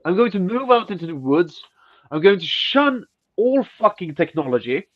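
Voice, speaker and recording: A man's voice: high voice, normal speed, muffled recording. A man co-hosting a podcast in casual chat, ranting and swearing, with a stuffy nose. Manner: profane, ranting, animated. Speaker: podcast co-host.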